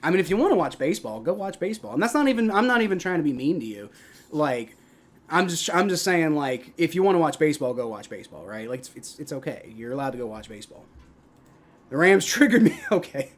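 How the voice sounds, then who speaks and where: A young man hosts a live football stream, blending play-by-play calls with casual, profane responses to his chat. His voice is fairly high, very animated, and fast, getting loud on big plays and mumbling in between.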